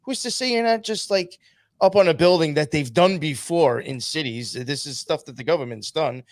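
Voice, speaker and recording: A man's voice: a little high, normal speed, no echo. A man hosting a podcast and reading chat, rambling with many fillers. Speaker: podcast host.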